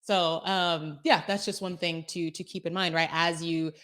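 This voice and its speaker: A woman's voice: fairly low pitch, steady tone, normal speed, a bit bright. A woman co-hosting a health podcast, explaining things in a chatty way with acted-out little asides. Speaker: podcast co-host, health coach. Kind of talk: casual podcast chat.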